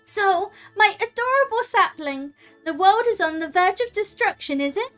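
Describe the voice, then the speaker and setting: A woman's voice: very high voice, lively intonation, normal speed, fairly bright tone, faint music behind, pitched above the performer's own voice. A woman playing a grandiose, teasing fey spirit. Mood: theatrical.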